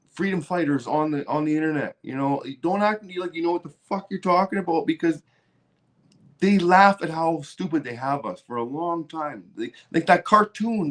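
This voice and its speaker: Canadian guy ranting on his stream, cussing nonstop, kinda high voice. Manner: profane and heated, mocking voices. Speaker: livestream host. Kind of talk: angry political rant.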